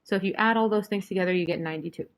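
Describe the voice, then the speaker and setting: A woman's voice: mid-range voice, very fast. A young woman leading an online chemistry review session, talking casually and joking sarcastically with her students. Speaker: chemistry tutor.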